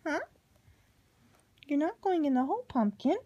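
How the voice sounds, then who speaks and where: A woman with a high, slightly mellow voice speaks at a normal pace, pausing often. She's at home in the living room filming her pet cockatoo on a handheld camera, cooing, baby-talking to it, and laughing a lot in casual home-video chatter.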